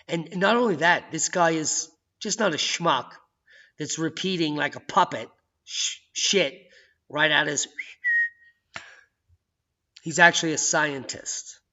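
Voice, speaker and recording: A man hosting his own video channel, talking in an excitable, jokey way that swings from loud outbursts to hushed asides. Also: a little high. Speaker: channel host. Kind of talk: casual video commentary. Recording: dull lo-fi sound.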